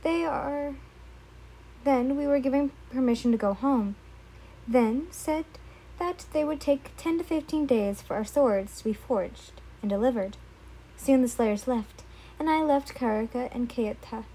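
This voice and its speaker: A woman reading her own fan fiction aloud in the first person, stumbling and correcting herself as she goes. Her voice is a bit high, mellow and husky. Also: rough recording. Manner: halting, frequent self-corrections while reading.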